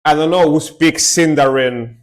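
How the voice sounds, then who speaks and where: A man's voice: on the high side, moderate pace. A man streaming music reactions, talking casually and laid back and repeating words for emphasis.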